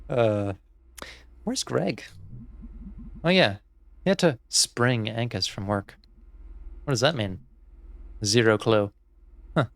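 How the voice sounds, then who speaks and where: A therapist playing a video game, giving casual let's-play commentary in a playful, musing way and laughing often. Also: male voice, mid-range voice.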